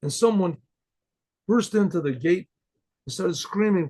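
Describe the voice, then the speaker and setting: A man, a rabbi, telling a Chassidic story in a conversational way, clearing his throat often. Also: high voice, animated, a little slow, warm tone.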